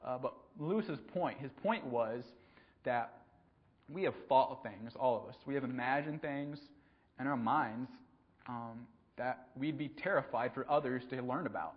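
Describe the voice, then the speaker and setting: A man preaching a conversational sermon, pausing often with ums and repeating words as he goes. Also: medium pitch. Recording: dull lo-fi recording.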